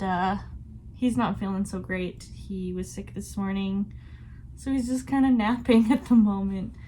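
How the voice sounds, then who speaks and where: A woman's voice: mid-range voice, darkish tone, a little hiss or hum. Chatty woman discussing a book. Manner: chatty and reflective, laughs often. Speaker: book vlogger.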